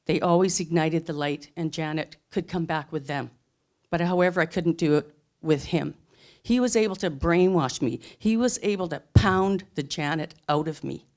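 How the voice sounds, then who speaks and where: A middle-aged woman telling her own life story in an earnest, emphatic way, building up short phrases one after another. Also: fairly low pitch. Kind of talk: personal storytelling talk.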